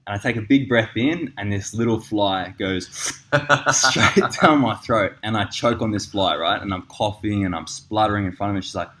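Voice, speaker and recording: A man's voice: fairly low pitch, moderate pace. A young Australian man, an acupuncturist and podcast host, telling a story in casual chat, acting out quotes and swearing freely. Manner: animated, swearing, acts out quotes.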